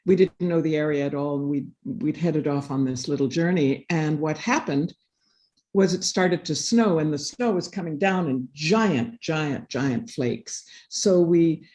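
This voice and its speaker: A woman's voice: low voice, unhurried, darkish tone. Earnest woman telling a personal story. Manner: earnest, reflective, acts out quoted dialogue. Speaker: panel speaker. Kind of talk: personal storytelling in a live session.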